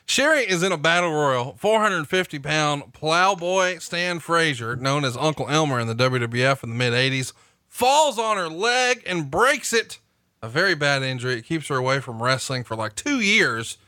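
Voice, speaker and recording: A man hosting a podcast in a casual way, brisk and teasing, quick to laugh. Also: on the high side, expressive, sharp tone, dry recording. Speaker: podcast host.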